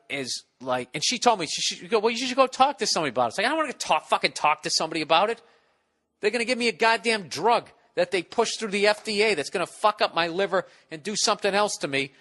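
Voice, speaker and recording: A man's voice: high-pitched, sharp tone, big-room sound. Profane rambling male podcast host. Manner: profane, self-mocking storytelling; mimics others in exaggerated voices. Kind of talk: rambling comic monologue. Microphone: studio podcast mic with windscreen.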